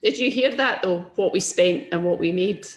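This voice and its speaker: A woman's voice: fairly low pitch, moderate pace. A woman co-hosting a casual live webinar, cutting in with playful, teasing remarks. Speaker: co-host.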